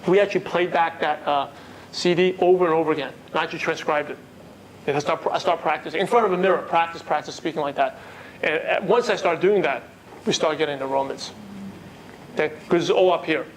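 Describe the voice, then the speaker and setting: Man w an accent, high voice, coaching a seminar crowd, bit of background hiss. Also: fast talker, low-quality recording. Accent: non-native English accent. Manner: animated, coaching, asks the room questions. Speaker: network marketing trainer. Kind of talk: seminar talk to a live audience.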